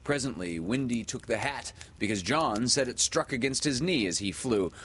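A man narrating a children's story aloud in an expressive, dramatic way. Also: mid-range voice, normal speed, breathy edge. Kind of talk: audiobook storytelling.

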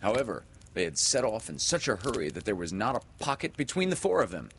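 A man narrating a children's story aloud in an expressive, dramatic way. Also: fairly low pitch, a little fast, gravelly, a little hiss or hum. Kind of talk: audiobook storytelling.

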